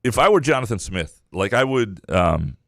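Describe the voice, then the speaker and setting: A man's voice: on the low side, very animated, moderate pace, creaky, fairly bright tone, no room sound, studio quality. A man co-hosting a sports podcast in casual chat, rambling and often restarting his thoughts. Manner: rambling, self-correcting. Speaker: podcast co-host.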